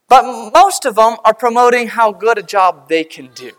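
A woman preaching a sermon, earnest and measured, slowing down and dropping quiet to stress a point. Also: on the high side, lively intonation.

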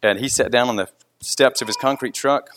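A man's voice: mid-range voice, a little fast, fairly bright tone, a little hiss or hum. A man who leads a concrete crew tells a story in casual, earnest speech full of restarts. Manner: rambling, with frequent restarts.

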